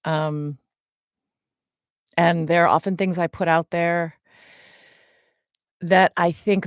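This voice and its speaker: A woman's voice: deep voice, takes it slowly, pauses often, dry recording, clean studio sound. A woman in her forties, co-hosting a podcast and answering fan questions in a chatty way, with many ums and small laughs. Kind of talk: casual podcast chat.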